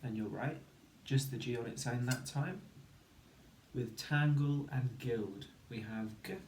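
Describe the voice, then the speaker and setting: A man's voice: medium pitch, slow, a little mellow, reverberant, a little hiss or hum. A man teaching a phonics lesson to children, counting to three and sounding out letters one by one. He mentions having hay fever. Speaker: primary school teacher.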